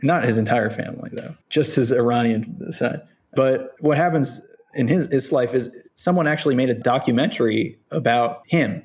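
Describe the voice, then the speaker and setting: A man's voice: medium pitch, moderate pace, a little mellow. Opinionated man explaining on a podcast. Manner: opinionated, explanatory, thinking aloud. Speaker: podcast host. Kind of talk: casual podcast discussion.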